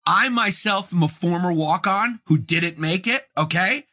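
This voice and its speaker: A man's voice: sits high, a little slow, pushed and bright. A man co-hosting a casual chat, joking and self-deprecating. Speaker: co-host.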